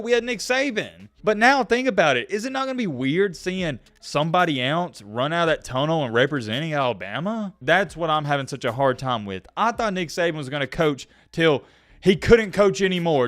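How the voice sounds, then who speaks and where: A young man, talking casually in a reaction vlog, animated and on the verge of tears. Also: fairly high pitch, no echo, studio quality. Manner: emotional, animated, voice breaking near tears. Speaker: sports video creator.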